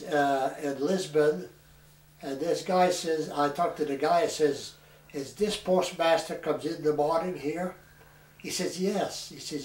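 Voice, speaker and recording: Brief: older male veteran, slightly high voice, halting oral-history telling, recorded far off in an echoey room. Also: a little mellow. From New Hampshire, USA. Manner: plain, halting storytelling with restarts. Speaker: war veteran interviewee. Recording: echoey room, mic far off, some noise.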